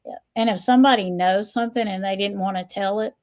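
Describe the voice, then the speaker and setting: A woman hosting a casual livestream chat, who repeats her phrases, greets viewers and reads out their comments. She is still a little hoarse. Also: medium pitch, fast talker, a little mellow. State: recovering from hoarseness. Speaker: stream host and tarot reader.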